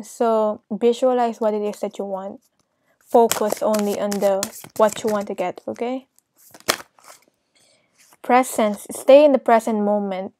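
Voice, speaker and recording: A woman's voice: medium pitch, darkish tone, a little hiss or hum. A woman giving a casual tarot reading, talking straight to the viewer with lots of laughter and reassuring "okay?"s, moved close to tears. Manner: emotional, laughs often, talks to viewer directly. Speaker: tarot reader.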